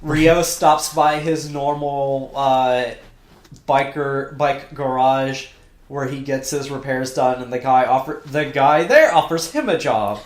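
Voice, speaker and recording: Animated man in an echoey room. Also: mid-range voice, slow. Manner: animated, acts out characters' lines in loud exaggerated bursts. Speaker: podcast co-host. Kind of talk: casual chat.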